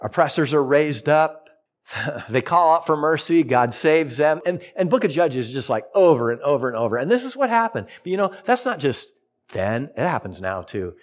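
A middle-aged man preaching a sermon, telling a personal story and reading scripture with lively, expressive delivery. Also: normal speed. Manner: storytelling, animated with big pitch swings. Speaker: pastor.

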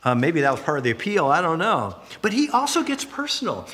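A man's voice: fairly high pitch, a little fast, few pauses. A middle-aged male pastor preaching a sermon, telling stories with humorous asides. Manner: animated storytelling with humorous asides.

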